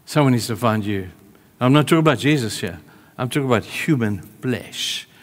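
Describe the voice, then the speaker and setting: A man preaching a sermon in a church hall, conversational, moving between emphatic calls and hushed, tender asides. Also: medium pitch.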